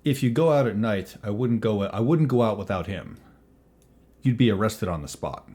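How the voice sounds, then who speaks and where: A man's voice: lowish voice, animated, normal speed, warm tone, breathy edge. A man voicing a guarded, practical man who gives careful warnings. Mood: cautious. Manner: guarded, advising.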